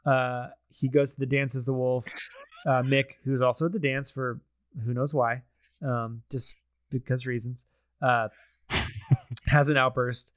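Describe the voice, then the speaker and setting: A man's voice: medium pitch, flat delivery, measured pace, pauses often, a bit bright, no echo, studio quality. A man hosting a casual movie podcast, recapping the plot and handing off to his co-hosts. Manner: recaps the plot and hands off to others. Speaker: podcast host. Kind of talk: casual chat.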